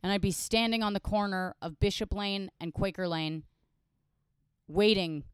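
A young woman co-hosting a podcast in casual comedic chat, telling stories in a wry, deadpan way. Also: medium pitch, normal speed, clear, resonant tone. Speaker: podcast co-host.

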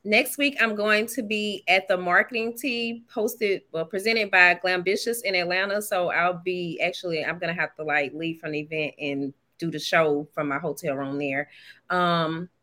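Woman cohost running through announcements, bright voice, lots of ums while she thinks. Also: lowish voice, fairly even intonation, normal speed. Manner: thinking aloud, hesitant with fillers. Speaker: podcast co-host. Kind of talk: casual chat.

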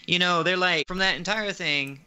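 A woman in casual chat reviewing an anime, exasperated and animated, breaking into loud outcries. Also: lowish voice, moderate pace, smooth.

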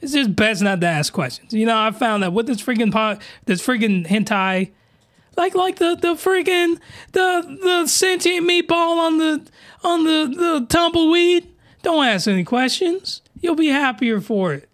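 A man hosting a podcast, delivering an excitable, slangy, rambling comedic rant full of mockery. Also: extremely high pitch, a little slow, no room sound, studio quality. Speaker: podcast host reviewing anime.

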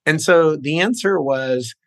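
A man's voice: a little high, unhurried, fairly bright tone, dry recording. A middle-aged man from New Jersey, a screenwriter guest, talking in a genial, self-deprecating way with frequent fillers. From New York, raised in New Jersey. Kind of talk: casual interview.

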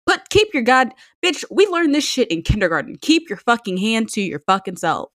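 A young woman co-hosts a casual podcast chat, telling blunt, profane stories and acting out what people said. Her voice is a little high and fairly bright, with big pitch swings and a moderate pace.

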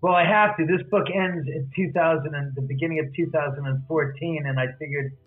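A man, a guest author, retelling a story in lively detail and acting out both sides of each conversation. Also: a little high, fairly quick, soft background music. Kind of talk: animated storytelling in an interview. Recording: tinny phone line.

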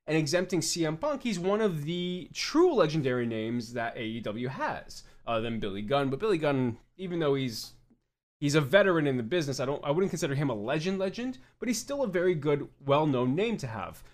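A young man rants on his podcast in a high, lively voice that leaps up and down as he argues. He is blunt and swears freely, firing off short punchy points. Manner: blunt and profane, mocking fans in quoted voices. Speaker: podcast host. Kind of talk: opinionated podcast rant.

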